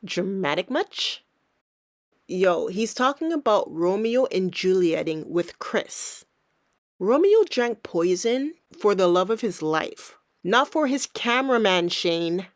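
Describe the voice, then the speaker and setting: A woman's voice: mid-range voice, very animated, takes it slowly, no echo. A woman giving sarcastic, teasing reaction commentary over video clips, recorded on a close mic. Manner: snarky, teasing.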